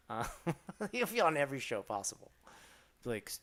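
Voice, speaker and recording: A man casually chatting on a live stream, answering chat and joking around, often mimicking short phrases with exaggerated jumps in pitch. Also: big pitch swings, normal speed, long pauses, a bit bright.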